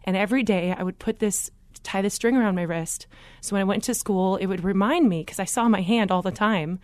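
A woman, a podcast guest, telling her faith story in an earnest, animated way with quick asides. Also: mid-range voice, no room sound. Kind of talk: faith interview conversation.

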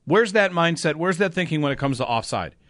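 A man hosting sports talk radio, animated and emphatic, often pushing his voice up into loud bursts. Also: fairly high pitch, fairly quick, no room sound, studio quality.

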